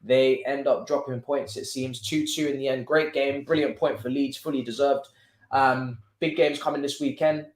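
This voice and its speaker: A man's voice: mid-range voice, steady tone, moderate pace. Chatty man in an echoey room. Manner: chatty and joking, heavy on slang, with frequent restarts. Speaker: football watchalong host. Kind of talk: casual live-stream chat and match commentary. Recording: roomy echo.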